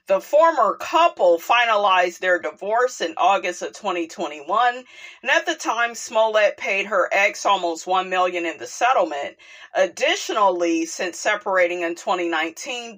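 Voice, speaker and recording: A woman's voice: on the low side, bright, forceful tone. Chatty woman doing gossip commentary. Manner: chatty, drawn-out fillers, repeats "you know" and "like I said". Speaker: commentary channel host. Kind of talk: casual gossip commentary, reading news aloud.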